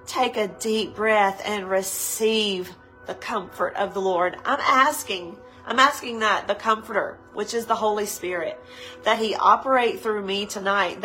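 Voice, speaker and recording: A woman pastor giving a live devotional sermon, earnest and pleading, repeating her phrases and slowing down to linger on words, teary-eyed. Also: mid-range voice, pushed and bright, soft background music, rough recording.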